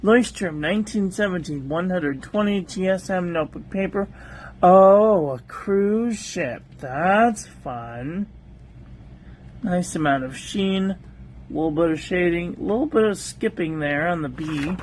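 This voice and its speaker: A man's voice: high-pitched, animated, measured pace, a little hiss or hum. A man casually reviewing stationery on a livestream, listing paper traits in short clipped phrases and chatting with viewers between items. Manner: chats aside with live viewers.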